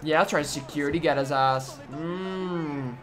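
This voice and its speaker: A young man giving excitable let's-play commentary on a wrestling video game, trash-talking the opponent with sudden loud outbursts. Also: on the high side, a little slow. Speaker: gaming YouTuber.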